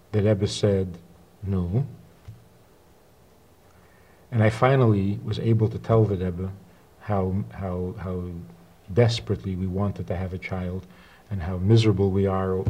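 A man telling a personal story, acting out the dialogue with halting restarts. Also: on the low side, husky. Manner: animated retelling with quoted dialogue. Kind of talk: spoken anecdote.

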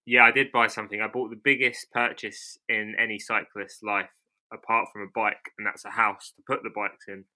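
Male podcast host, twenties, very bright tone, chatty and upbeat. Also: on the low side, little pitch movement, normal speed. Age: 20s. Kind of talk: casual podcast chat.

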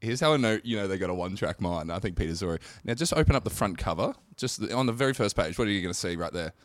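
A man co-hosting a casual chat, teasing and laughing loudly. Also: low voice, expressive, racing, dry recording. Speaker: podcast co-host.

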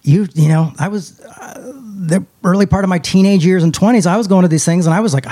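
A young adult man telling a personal story in a casual podcast chat, with his voice jumping up high when he quotes others. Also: fairly quick, hardly any pauses. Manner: animated, rises high when quoting others. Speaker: podcast co-host.

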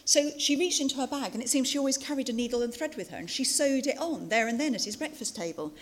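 Lively woman telling war-era anecdotes. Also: sits high, fast. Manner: lively anecdotal, frequent asides and fillers. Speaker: speaker recounting interviews. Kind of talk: storytelling talk to an audience.

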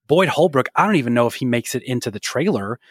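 A man co-hosts a pop-culture podcast with wry, joking banter. His voice sits at a middle pitch, recorded dry and close. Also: lively intonation, quick pace, husky, dry recording. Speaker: podcast co-host. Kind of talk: casual pop-culture chat.

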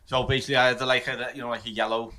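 A man's voice: medium pitch, level tone, racing, bright, forceful tone. A man, a podcast co-host telling an easygoing story while laughing. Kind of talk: casual storytelling.

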